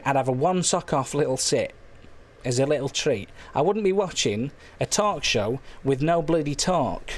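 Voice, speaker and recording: A man hosts a comic late-night phone-in, his voice pitched a little high and slightly hoarse. He rambles through absurd claims with deadpan silliness. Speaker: phone-in show host.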